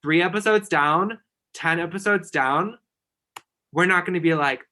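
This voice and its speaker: A man's voice: on the high side, moderate pace, sharp tone. A man guest on a podcast, chatting casually and giving emphatic, effusive encouragement. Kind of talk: casual chat.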